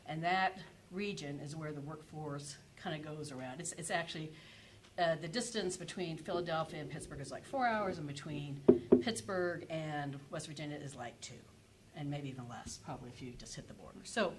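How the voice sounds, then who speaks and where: Lower-voiced woman presenting on a panel. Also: moderate pace, a little hiss or hum, rough recording. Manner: hesitant, many fillers and self-corrections. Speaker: energy policy panelist.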